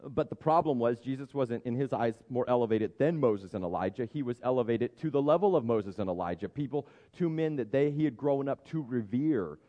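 A man's voice: mid-range voice, animated, a little fast, few pauses, highs cut off. A man preaching a sermon in a conversational, humorous way, often stopping to restart his sentences. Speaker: pastor.

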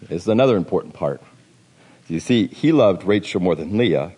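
A man's voice: deep voice, expressive, normal speed, warm tone, breathy edge. A man preaching a sermon in a casual, joking way, sometimes putting on playful voices. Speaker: pastor. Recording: long hall reverb.

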